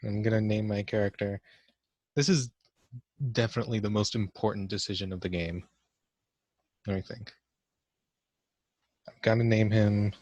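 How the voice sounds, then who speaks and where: A man's voice: on the low side, fairly even intonation, moderate pace, long pauses, a little mellow, no room sound, dull audio. A young man giving casual let's-play commentary for a class vlog, awkward and joking at his own expense. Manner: awkward, self-mocking joking. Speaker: gamer doing a class vlog.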